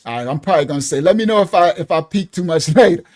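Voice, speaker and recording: Excitable male Bible teacher with a high voice who keeps checking in with listeners. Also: rapid-fire.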